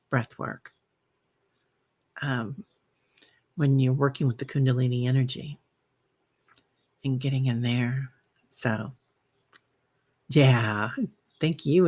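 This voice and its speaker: A meditation host with an extremely low-pitched voice leads a live stream, chatting with viewers and reading their comments aloud with plenty of fillers. She guides the breathing using soft, slow cues.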